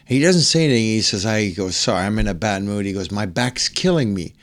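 Man telling an animated anecdote. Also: fast talker. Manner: acts out quotes, swings higher when excited. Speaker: podcast guest. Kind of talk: animated storytelling.

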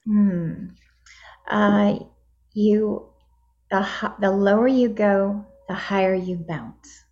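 A woman's voice: medium pitch, fairly even intonation, takes it slowly, a little mellow. A woman around sixty, a guest on the show, talking in an upbeat, motivational way. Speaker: guest, midlife empowerment advocate. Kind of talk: interview answers. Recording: dull lo-fi sound.

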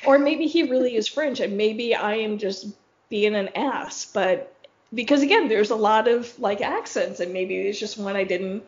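A woman's voice: medium pitch, normal speed, highs cut off. A woman hosting a podcast, telling a story in a casual, rambling way with plenty of fillers and frank swearing. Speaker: podcast host.

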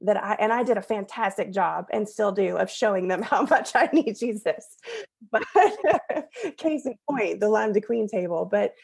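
A woman in her thirties speaking as a podcast guest, at a middle pitch. She tells a family story in an earnest, conversational way and now and then laughs at herself. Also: animated, measured pace, gravelly, husky.

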